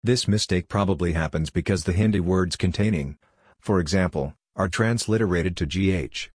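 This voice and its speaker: A man giving a scripted, measured explanation as a language explainer. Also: deep voice, a little mellow, husky, no room sound, clean studio sound. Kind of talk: scripted narration.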